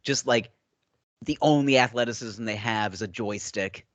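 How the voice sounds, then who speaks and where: A man co-hosting a podcast in casual chat, an animated storyteller who acts out quotes and laughs often. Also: medium pitch, moderate pace, no room sound, dull audio. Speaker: podcast co-host.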